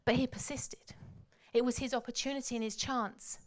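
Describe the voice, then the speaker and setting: A woman preaching a sermon, telling the story dramatically and swinging from hushed tones to loud calls. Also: a little high, fairly even intonation, moderate pace.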